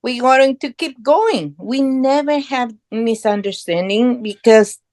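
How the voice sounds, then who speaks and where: Slow and animated, with a slightly high voice and a darkish tone, this middle-aged woman from Guatemala tells her story as a podcast guest. She talks casually in earnest, proud English with non-native phrasing, recorded dry.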